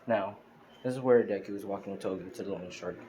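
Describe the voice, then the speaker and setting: A man with a lowish voice casually retells a fan story, rambling and restarting his sentences as he goes. A steady hiss of noise runs behind the home recording. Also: fast, low-quality recording. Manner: rambling, many restarts and fillers.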